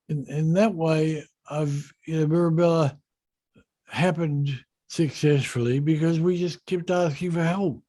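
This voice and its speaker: Slow-talking man with a mellow voice. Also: on the high side. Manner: unhurried, self-deprecating, frequent restarts. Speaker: yacht designer telling a story. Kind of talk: relaxed anecdotal storytelling.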